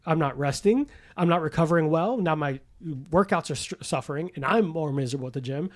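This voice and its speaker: A man's voice: a little high, expressive, quick pace. A man in his forties hosting a podcast, telling stories in casual chat with lots of laughter and swearing, acting out the voices of people he quotes. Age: 40s. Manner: profane, laughing storyteller who acts out quoted voices. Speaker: podcast host.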